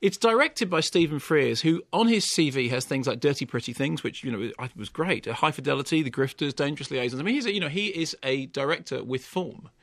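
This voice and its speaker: A male film critic with a fairly high, gravelly voice, talking in an arch, wry and theatrical way. The sound is close and dry from a studio microphone, with no room echo. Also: lively intonation, brisk, few pauses, fairly bright tone. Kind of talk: radio film review chat.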